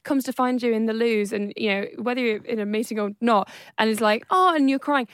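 A woman co-hosting a podcast, chatting quickly and casually and acting out quotes in high, squeaky voices. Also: clean tone, dry recording, studio quality. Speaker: podcast co-host. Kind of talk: casual chat.

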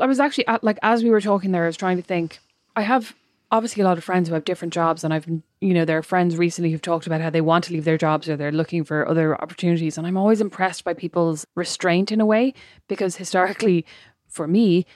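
Fast-talking Irish woman telling stories. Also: fairly low pitch, fairly even intonation, a little mellow, dry recording. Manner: chatty, rambling anecdotal storytelling. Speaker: podcast co-host. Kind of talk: casual chat.

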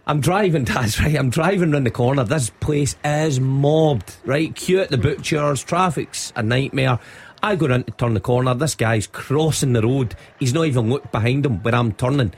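A man's voice: mid-range voice, moderate pace, few pauses, breathy edge. A middle-aged Scottish man on a radio show, telling a funny story and laughing through it. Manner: animated storyteller, laughs through his lines. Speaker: radio presenter. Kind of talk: radio chat, telling an anecdote.

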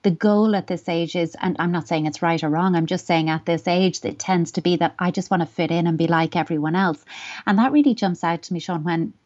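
A woman gives parenting advice on a podcast. Her voice sits fairly low, and she speaks in a thoughtful, measured, reassuring way. The audio is a little dull and lo-fi. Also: darkish tone. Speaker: parenting expert. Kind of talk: advice podcast answering a listener question.

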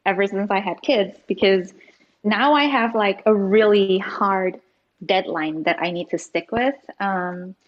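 A woman's voice: medium pitch, a little slow, lo-fi sound. A woman in her thirties, an author guest chatting casually in an interview, giggly and full of fillers.

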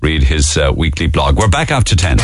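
A man from Cork hosting a radio talk show, asking brisk questions and laughing easily. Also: rumbling low, big pitch swings, faint music behind. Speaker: radio host. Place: radio studio.

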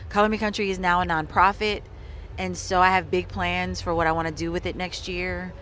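A country singer, chatting earnestly and excitedly as an interview guest backstage at a festival. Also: female voice, fairly low pitch, a little fast, slight background noise. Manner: bubbly and earnest, with filler words like "like". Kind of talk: casual interview chat.

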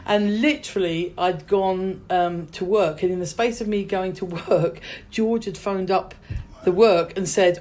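A woman's voice: medium pitch, fairly even intonation, moderate pace, a little mellow. A middle-aged woman, an actress telling stories in a casual interview. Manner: chatty storyteller, many restarts. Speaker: actress guest.

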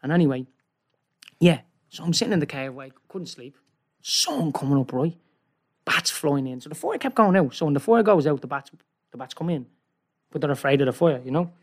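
A man telling a long, rambling story in casual chat, excitable and peppering his talk with "right?". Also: on the high side, fairly quick. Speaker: guest.

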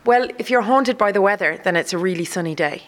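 A woman's voice: medium pitch, expressive, quick pace, a little hiss or hum. A woman from the Welsh borders, an artistic director, chatting reflectively in an interview with frequent fillers. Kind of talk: casual interview.

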